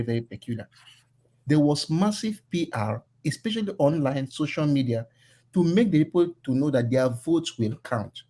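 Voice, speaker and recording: A Nigerian man speaks in a casual political discussion, his voice a little husky and his pitch swinging up and down as he presses his point. He talks earnestly, mixing in Pidgin phrases. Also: dark tone. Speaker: caller.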